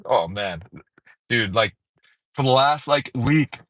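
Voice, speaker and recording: A man talks loosely to his phone on a livestream outside a mall. His pitch swings around a lot as he jokes and rants, and the sound is dry and close. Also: lively intonation, slow, fairly bright tone, dry recording. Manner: rambling, playful, swears freely, sudden singing and high-pitched bits. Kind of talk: casual livestream chat. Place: outdoors at a mall parking area.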